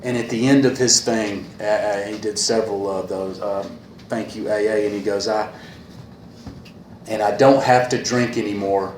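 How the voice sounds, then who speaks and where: A man speaking earnestly at a recovery meeting, repeating a refrain and pausing often with fillers, a little emotional. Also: on the low side, steady tone, darkish tone. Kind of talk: personal talk at a meeting. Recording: echoey room with faint hiss.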